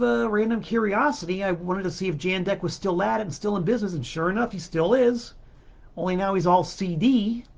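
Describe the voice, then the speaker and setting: Slow, rambling man on a dull recording. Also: high voice, vocal fry. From South Florida. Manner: rambling, chatty, self-interrupting asides. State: a bit choked up, clearing throat. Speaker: podcast host and record seller. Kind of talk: casual solo monologue. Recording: dull lo-fi sound.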